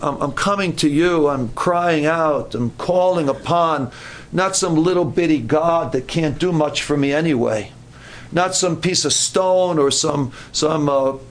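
A man preaching a sermon at a camp meeting, earnest and given to repeating his words. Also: fairly high pitch.

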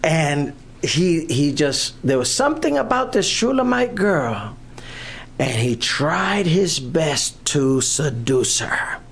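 A preacher telling a Bible story in a sermon, animated and chuckling, acting out the characters along the way. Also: mid-range voice, slow pace, vocal fry, husky.

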